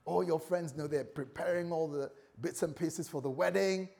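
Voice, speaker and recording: A man with a gravelly, darkish voice preaches a morning sermon at a normal speed. His style is conversational, with playful asides to the congregation, and he acts out the story's dialogue by shifting his pitch and volume.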